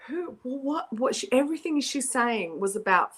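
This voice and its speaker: A bright, crisp-toned woman hosting a casual podcast chat. She tells stories with animated energy and breaks into loud laughter. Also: high voice, moderate pace. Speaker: podcast host.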